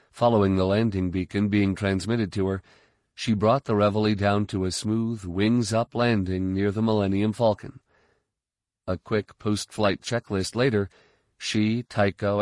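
A man reading an audiobook in a steady, measured narration. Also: on the low side, no echo, studio quality. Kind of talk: scripted narration.

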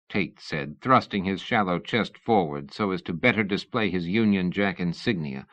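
A man narrating an audiobook in a measured, dramatic storytelling manner. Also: deep voice, a bit bright, dry recording. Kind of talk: scripted narration. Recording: dull lo-fi dry studio audio.

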